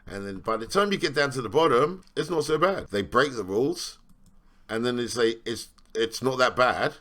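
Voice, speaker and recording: A man's voice: mid-range voice, expressive, fairly quick, a bit bright. A man reading a news article aloud and commenting on it sarcastically, rambling and asking "right?" again and again. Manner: rambling, repeats "right?" for emphasis; sarcastic, questioning.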